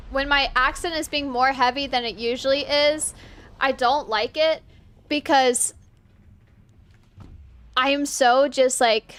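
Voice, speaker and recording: A woman with a Virginian Southern accent, chatting casually and rambling while she streams a game, with frequent "like"s and quick laughs. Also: sits high, fairly bright tone, clear, resonant tone. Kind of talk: casual live-stream chat while gaming.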